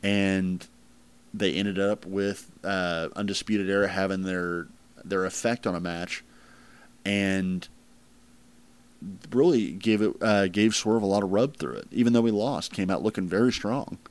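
A man's voice: deep voice, fairly even intonation, unhurried. A man hosting a casual podcast chat, rambling with lots of fillers. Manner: rambling, filler-heavy, laughs at crude jokes. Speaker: podcast host ranking wrestling matches.

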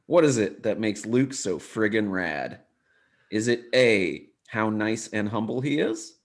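A playful man in casual podcast chat, giggling as he runs a silly quiz. His voice is fairly low. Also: animated, unhurried. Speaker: podcast co-host.

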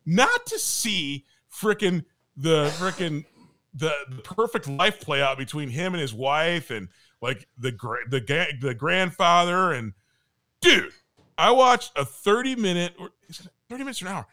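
A man's voice: fairly high pitch, animated, a little slow, bright, forceful tone. A man co-hosting a casual podcast chat and ranting animatedly, with some profanity. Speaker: podcast co-host.

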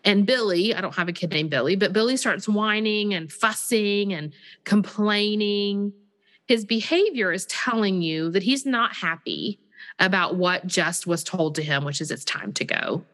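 A woman's voice: mid-range voice, a little slow. Chatty woman, reverberant podcast. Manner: animated, chatty, often acts out parent and child lines. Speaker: podcast co-host. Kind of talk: casual parenting podcast chat.

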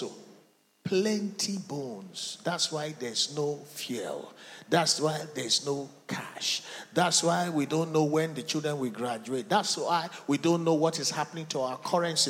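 Male pastor, slow, animated, emphatic delivery with congregation response, reverberant church hall. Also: on the high side. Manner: dramatic, emphatic preaching with call-and-response. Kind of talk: sermon.

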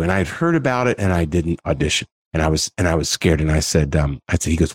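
A man's voice: rumbling low, fast talker, few pauses, slightly rough, no room sound, clean studio sound. A man in his forties, a guest in a casual interview, telling stories animatedly and acting out the dialogue. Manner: animated storyteller, acts out dialogue.

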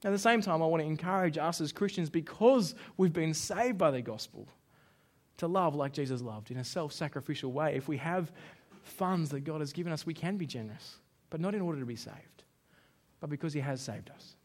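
Pitched on the high side and speaking fairly quickly, a male pastor delivers a sermon. He tells animated stories, acting out dialogue and breaking into shouts.

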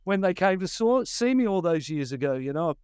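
A man's voice: high-pitched, very animated, a little fast, a little mellow, clean tone, dry recording, clean studio sound. A man in his fifties with an Australian accent, a surf commentator telling stories in a casual interview and acting out his own past thoughts.

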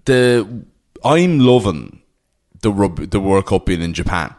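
An Irish man in his thirties chats on a podcast in a low-pitched voice. He tells stories with energy, laughs a lot and drifts off point before finding his way back. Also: slow. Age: 30s. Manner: lively storyteller, laughs often, rambles off point. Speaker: podcast co-host. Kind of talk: casual podcast chat.

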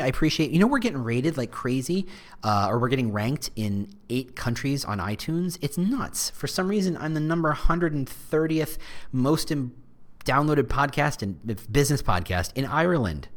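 A man hosting a podcast, chatty and direct, with plenty of playful asides. His voice swings widely up and down as he talks. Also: mid-range voice. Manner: animated, jokey asides, speaks directly to listeners. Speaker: podcast host. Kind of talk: casual solo podcast monologue.

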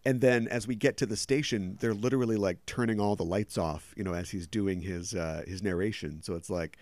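A man with a fairly low voice hosts a relaxed podcast discussion. He talks at length, filling in background with plenty of asides. The sound is dry and close. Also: fairly quick, no room sound. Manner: talkative, explains background at length. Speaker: podcast host. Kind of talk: casual podcast chat.

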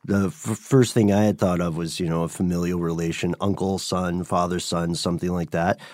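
A man's voice: deep voice, flat delivery, fairly quick, a little mellow, no echo, studio quality. A man co-hosting a podcast, chatting casually and filling in background for listeners. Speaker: podcast co-host. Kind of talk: casual chat.

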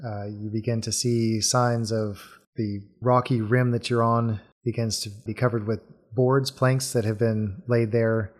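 A man's voice: fairly low pitch, little pitch movement. Man narrating a tabletop game. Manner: descriptive, unhurried narration. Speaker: game master.

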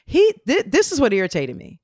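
A woman's voice: sits high, brisk, breathy edge, no echo, studio quality. A woman co-hosting a casual gossip chat, telling stories with sarcastic asides. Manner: animated storyteller, sarcastic asides.

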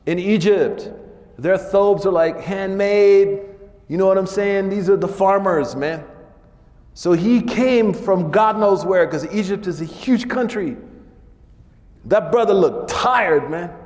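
A man's voice: high-pitched, a little mellow, big-room sound. A man giving an informal religious lesson in a casual, chatty way, often tacking "man" onto his sentences. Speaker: religious teacher.

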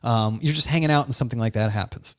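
A man hosting a casual podcast chat, talking in an animated, halting way and repeating words. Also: medium pitch.

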